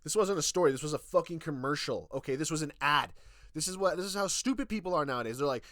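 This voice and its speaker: A man's voice: fairly high pitch, expressive, fast talker, a bit bright, dry recording, studio quality. Profane, sarcastic man ranting. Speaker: YouTube reviewer. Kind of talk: ranting commentary.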